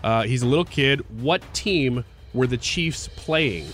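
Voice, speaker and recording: A man's voice: medium pitch, unhurried, a bit bright, a little hiss or hum. A man co-hosting a talk radio show, reading news items as quiz questions and chuckling often in casual banter. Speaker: radio show co-host running a quiz game.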